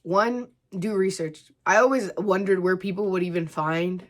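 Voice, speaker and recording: A woman's voice: fairly low pitch, normal speed. A young woman vlogging from home, talking casually and emotionally to the camera, teary at times, with many "like" fillers. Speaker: crochet vlogger.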